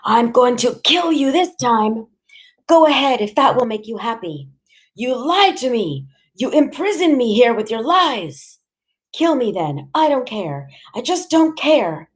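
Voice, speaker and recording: A woman voicing a worn-down middle-aged mother who pleads in a shrill, broken way. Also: big pitch swings, a little slow. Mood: desperate.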